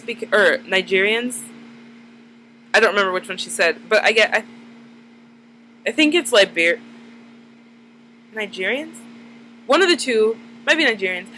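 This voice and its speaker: A woman's voice: medium pitch, bright, forceful tone, a little hiss or hum, poor audio. A woman in her twenties, chatting casually to camera, rambling and full of "like" fillers. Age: 20s. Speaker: vlogger. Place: dim room at night.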